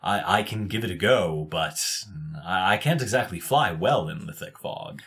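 A man voicing a modest male raven familiar that talks in a halting, stammering way. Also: sits low, lively intonation, a bit bright. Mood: hesitant.

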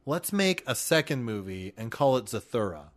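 A man co-hosting a casual podcast chat, trading dry deadpan quips and quick agreements. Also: medium pitch.

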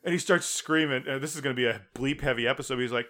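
A man co-hosting a podcast, chatting casually and acting out scenes loudly as he tells stories. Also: mid-range voice, very fast, slight background noise. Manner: animated storyteller, loud when acting out scenes. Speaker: podcast co-host. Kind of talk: casual chat.

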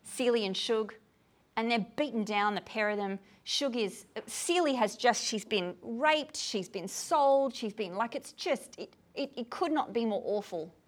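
A woman lectures on a poem to a group gathered in a room, speaking at a measured pace in a voice on the high side. She sounds tired yet animated, often checking that her listeners are following.

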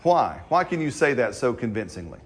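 A slightly husky man preaches a sermon, chatting loosely with the congregation, acting out little quotes and laughing along the way. His voice sits mid-range with big pitch swings, and he speaks a little fast.

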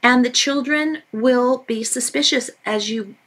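A woman author who is a guest on a parenting podcast, telling lively stories and repeating points for emphasis. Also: a little high, measured pace. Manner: animated storytelling with emphatic repetition. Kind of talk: podcast interview.

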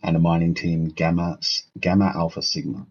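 Male co-host, very low husky voice, dull lo-fi mic, hesitant reader. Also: little pitch movement, darkish tone. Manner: halting, stumbles over names, self-mocking. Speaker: podcast co-host. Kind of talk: casual chat reading out army names.

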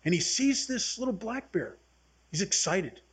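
A man's voice: high voice, sing-song, a little slow, fairly bright tone, breathy edge. A man in his seventies leading a recovery workshop, talking earnestly and telling folksy stories to a group. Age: 70s. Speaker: AA workshop speaker.

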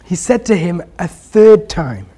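Preacher, sermon, unhurried delivery, earnest, gentle, rhetorical questions. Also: medium pitch, very animated.

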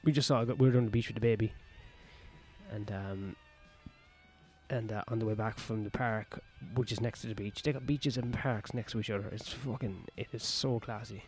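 A stand-up comedian, rambling crudely and jokingly in a casual vlog, recorded outdoors on a patio. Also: male voice, lowish voice, steady tone, normal speed, soft background music.

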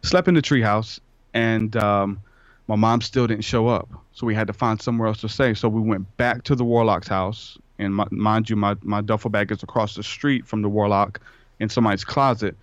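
Rambling through a personal anecdote as a podcast guest, this man casually acts out the quoted lines. His lowish voice keeps fairly even intonation at a normal speed; there's no room sound, and the audio is dull and lo-fi.

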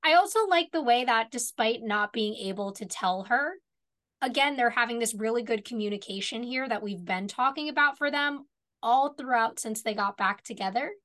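A woman's voice: a little high, animated, normal speed, a bit bright. A woman co-hosting a podcast, sharing thoughtful opinions in casual discussion of a TV episode. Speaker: podcast co-host.

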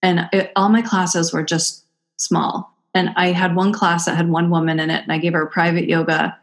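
Middle-aged woman guest, low voice, chatty animated storyteller. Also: normal speed. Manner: animated, acts out quoted voices. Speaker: guest, Ayurvedic practitioner. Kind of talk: casual conversational storytelling.

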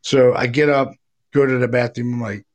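A man's voice: medium pitch, moderate pace. Rambling, salty-mouthed man telling a ghost story. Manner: rambling, profane, animated retelling with acted quotes. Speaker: paranormal investigator guest. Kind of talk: casual storytelling chat.

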